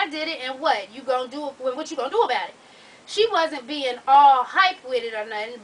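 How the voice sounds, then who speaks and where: A woman reading a viewer's letter aloud and giving blunt, sassy advice, swearing freely and breaking into loud exclamations. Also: sits high, far from the mic, a little hiss or hum, poor audio. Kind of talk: casual advice vlog.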